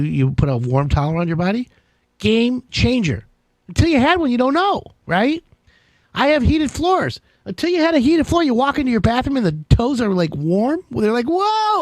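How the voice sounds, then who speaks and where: Excitable man hosting a live show. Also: very high voice, vocal fry, dry recording. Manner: excitable, jokey, rambling. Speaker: radio show host. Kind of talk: casual live call-in show chat.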